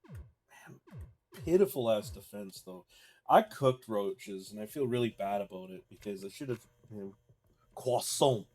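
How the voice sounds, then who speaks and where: A man's voice: lowish voice, lively intonation, moderate pace, darkish tone. A young man, chatting casually while streaming a game live and reading chat aloud. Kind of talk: live gameplay commentary.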